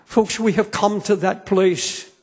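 High, husky-voiced preacher man, reverberant hall. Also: slow pace, darkish tone. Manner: earnest, fervent preaching with repeated restarts. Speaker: pastor. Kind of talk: sermon. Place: church sanctuary.

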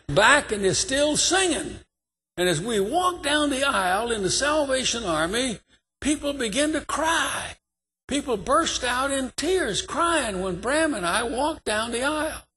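A male preacher with a high, lively voice tells a story from the pulpit. His delivery climbs to fervent emphasis and swings widely in pitch. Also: a little hiss or hum. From New York. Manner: animated testimony, rising to fervent emphasis. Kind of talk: sermon storytelling.

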